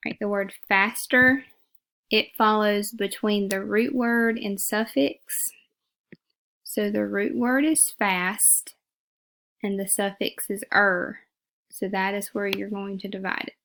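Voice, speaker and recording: A woman's voice: mid-range voice, steady tone, slow, vocal fry, fairly bright tone. A woman teacher giving a phonics lesson, patiently repeating words and sounding them out syllable by syllable.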